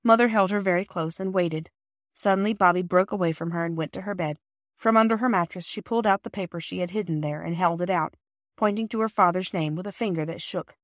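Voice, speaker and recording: A woman reading a classic children's novel aloud in gentle, measured narration. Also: fairly low pitch, dry recording, clean studio sound. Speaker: audiobook reader. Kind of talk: scripted narration.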